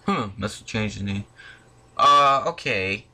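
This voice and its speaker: A young man delivers a heated movie rant from his home. His voice is bright and sharp, and his pitch jumps widely. He swears often and sounds openly irritated. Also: animated, slow. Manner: irritated, profane, exclamatory. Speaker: video channel host. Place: at home, in front of a disc collection.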